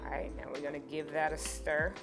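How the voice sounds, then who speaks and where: A woman's voice: deep voice, level tone, fairly quick. A woman hosting a home cooking tutorial, chatting playfully and speaking straight to her viewers. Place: home kitchen. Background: music.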